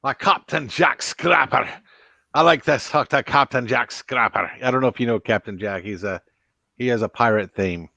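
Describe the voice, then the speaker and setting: A man's voice: medium pitch, a little fast, sharp tone, dry recording, dull audio. Tired man hosting a stream. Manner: chatty, greets viewers from the chat. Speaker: live stream host. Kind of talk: late-night casual live stream chat. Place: home, indoors. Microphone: laptop microphone.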